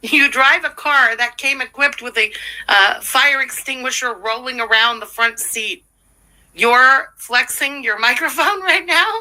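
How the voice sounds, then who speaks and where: A woman's voice: sits high, measured pace, pushed and bright, poor audio. Blunt, profane woman streamer. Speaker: livestream commentary host. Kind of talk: livestream reaction commentary.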